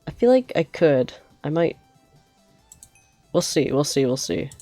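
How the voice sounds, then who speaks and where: A woman's voice: sits low, very animated, unhurried, mellow, dry recording, soft background music. A young woman streaming a game, chatting and telling rambling stories with frequent giggles. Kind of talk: casual gameplay storytelling.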